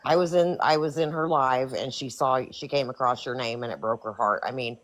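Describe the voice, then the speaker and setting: A low-pitched speaker talking insistently in a live group chat. The voice scolds and repeats itself to press its point. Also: steady tone, a little fast, a bit bright, rough recording. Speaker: live stream participant.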